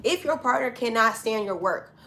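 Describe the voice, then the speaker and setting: A woman's voice: a little high, lively intonation, moderate pace, bright, forceful tone. A woman giving a casual collective tarot reading from home. She talks directly to her listeners and calls them honey and child. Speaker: tarot reader.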